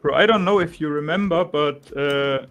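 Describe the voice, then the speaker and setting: A young man with a German accent, chatting casually about trading, relaxed, restarting sentences and saying "bro" a lot. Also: on the high side, normal speed. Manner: relaxed, restarts often, says "bro" and "you know". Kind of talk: casual chat.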